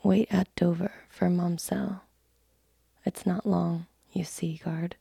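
A composed gentleman from a bank , whispered by a woman, speaks with quiet business confidence. The whispered role-play stays low and mellow. It is breathy and close to the mic. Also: little pitch movement, takes it slowly, no echo, full character voice. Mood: calm. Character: calm businesslike male bank clerk passenger.

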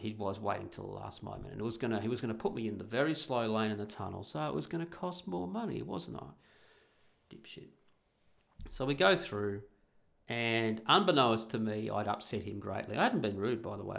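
Middle-aged male storyteller; gravelly, emphatic, sweary, blunt casual delivery. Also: on the low side, expressive, fairly quick, fairly bright tone. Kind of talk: casual anecdote to an audience.

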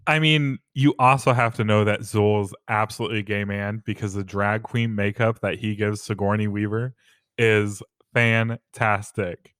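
A young man co-hosting a podcast jokes playfully during a casual film discussion. His voice is lowish, clear and resonant, fairly bright, with fairly even intonation at a moderate pace, recorded in studio quality with no room sound.

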